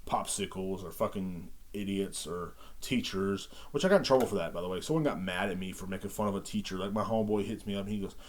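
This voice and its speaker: A man's voice: low-pitched, quick pace, hardly any pauses. A man hosting a casual podcast, ranting in a brash, profane, rambling way. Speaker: podcast host.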